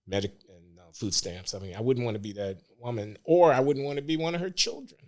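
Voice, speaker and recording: An older man speaking as a guest on a casual podcast, measured and deliberate with frequent hesitations. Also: mid-range voice, darkish tone.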